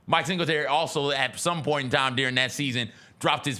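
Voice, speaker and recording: A man's voice: mid-range voice, fairly quick, few pauses. A man co-hosting a sports talk show, chatting casually and laughing as he retells famous rants. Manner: animated, laughing, acts out quoted rants loudly. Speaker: sports radio co-host.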